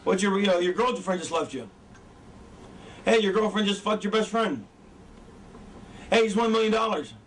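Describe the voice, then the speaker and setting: A man with a high voice gives a loose, swearing talk to students and keeps losing his thread. He sounds set back from the mic. A faint wash of noise sits under him. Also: expressive, moderate pace, long pauses. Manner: rambling, loses his train of thought, swears a lot. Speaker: wrestling trainer. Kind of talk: casual profane lecture. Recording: distant mic with background noise.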